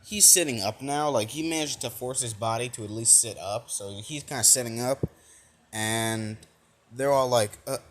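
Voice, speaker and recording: A man's voice: medium pitch, moderate pace, a little hiss or hum. A young man improvising a fan-fiction retelling, rambling with lots of fillers and restarts. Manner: rambling, full of "like" and "you know", restarts. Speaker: fan storyteller.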